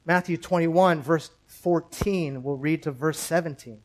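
A man delivers a sermon from the pulpit, building his points through repeated phrases and questions to the congregation. His voice sits a little higher than most men's, and his delivery stays measured and deliberate. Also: poor audio. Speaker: pastor.

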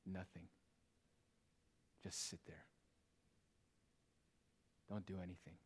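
A man's voice: deep voice, flat delivery, takes it slowly, breathy edge. A man preaching a sermon, asking rhetorical questions and dropping in casual asides as he explains the text. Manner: emphatic, rhetorical questions, shifts between loud and hushed delivery.

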